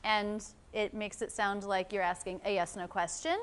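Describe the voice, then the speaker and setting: A woman hosting an interview about pronunciation, encouraging and quick with short affirmations. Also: mid-range voice, level tone, slight background noise. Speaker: host of an English pronunciation channel. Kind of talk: friendly interview.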